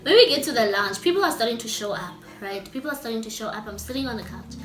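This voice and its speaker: A young woman tells a story in an animated, chatty way, often turning to her audience directly. Her voice sits high. The room is echoey, and soft music plays underneath. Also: quick pace. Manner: animated, chatty, talks straight to viewers. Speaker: vlogger. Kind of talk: casual storytime.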